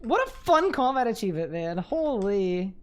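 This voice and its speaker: A young woman giving live gaming commentary on a stream, talking to chat, excitable and quick to laugh. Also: medium pitch.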